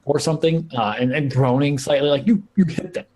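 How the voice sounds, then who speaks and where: A man's voice: on the high side, steady tone, fairly quick, dark tone. A young man narrating as game master, rambling with lots of filler likes.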